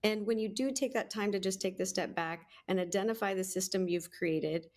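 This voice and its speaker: A woman's voice: mid-range voice, normal speed, darkish tone. A woman guest speaker sharing advice in an earnest, thoughtful way, laughing at herself now and then. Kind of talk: reflective advice talk.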